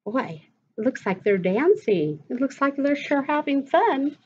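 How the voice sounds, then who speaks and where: A woman teacher reads a picture book aloud to children at an unhurried pace, her voice pitched fairly high. She pauses often to ask her listeners questions. The recording is dull and lo-fi. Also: very animated, darkish tone.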